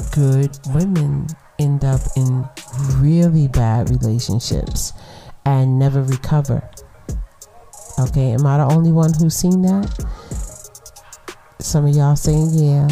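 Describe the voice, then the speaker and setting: A woman's voice: rumbling low, warm tone. A woman hosting her own podcast in a chatty, affirming way, often asking her listeners "right?", sounding tired. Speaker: podcast host. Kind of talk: casual solo podcast talk.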